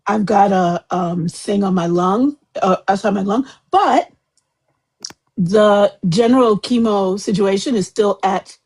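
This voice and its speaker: A woman's voice: medium pitch, unhurried, a little mellow, breathy edge. A woman hosting a casual livestream chat, rambling and chatty, laughing often. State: eyes watering from chemo. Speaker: livestream host.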